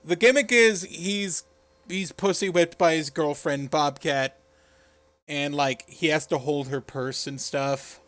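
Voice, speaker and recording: Male podcast co-host, slightly high voice, laughing profane recap, dry recording. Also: slow, a bit bright, no echo. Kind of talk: casual wrestling recap chat.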